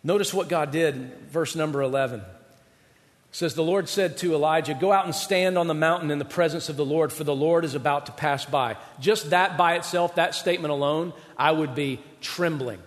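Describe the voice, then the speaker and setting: A man preaching a sermon, swinging from loud emphasis to hushed near-whispers and acting out God's voice in paraphrase. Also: on the high side, fairly quick, long reverb tail. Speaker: pastor.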